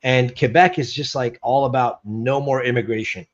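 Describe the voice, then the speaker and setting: A man's voice: medium pitch, fairly even intonation, normal speed. A man co-hosting in casual banter, laughing often and stumbling over restarts as he jokes. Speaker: guest co-host. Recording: dull lo-fi sound.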